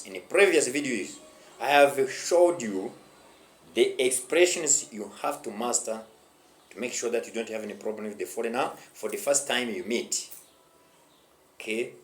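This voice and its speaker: A man teaching an online English lesson, speaking emphatically and repeating phrases to his viewers. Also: medium pitch. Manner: emphatic, repetitive, addresses viewers as dear friends. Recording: echoey room.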